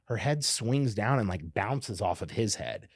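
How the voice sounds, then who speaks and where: A man tells a story on a podcast in a low voice. He is animated and full of restarts. The recording is close and dry. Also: unhurried, vocal fry, breathy edge, dry recording. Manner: animated, restarts a lot, says "you know what I mean". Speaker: podcast guest, fighter. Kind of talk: casual storytelling.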